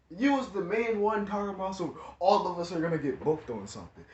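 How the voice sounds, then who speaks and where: Guy telling a storytime in slang, kinda high voice, echoey dull sound. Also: brisk, hardly any pauses. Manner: slangy, animated, repeats himself. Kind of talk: casual storytime vlog.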